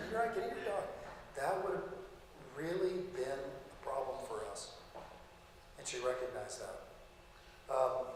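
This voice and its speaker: A middle-aged man teaching a class in a casual, folksy way, telling personal stories with chuckles. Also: mid-range voice. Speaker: lecturer. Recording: echoey hall with faint noise.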